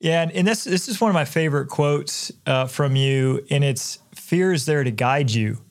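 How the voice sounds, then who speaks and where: A man hosting a podcast with a fairly high voice for a man. He chats casually, full of enthusiasm, and keeps the conversation moving with short follow-up questions. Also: moderate pace. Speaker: podcast host. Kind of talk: casual interview chat.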